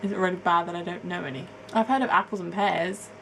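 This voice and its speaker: Young english woman vlogging, lowish voice, rambly and chatty, faint room hum. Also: steady tone, quick pace, vocal fry, a bit bright, poor audio. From England. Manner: chatty, rambling, laughing at herself. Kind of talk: casual chat to camera, answering a tag.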